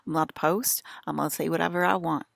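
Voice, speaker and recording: A woman's voice: sits low, fairly even intonation, very fast, vocal fry, no room sound, clean studio sound. A woman with an American country accent, rambling in an agitated, profane and repetitive monologue as a vlogger.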